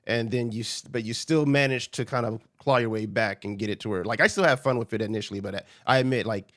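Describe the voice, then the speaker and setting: A man's voice: mid-range voice, fast, fairly bright tone, no echo, studio quality. An American man hosting a casual podcast, rambling and restarting his sentences. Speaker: podcast host.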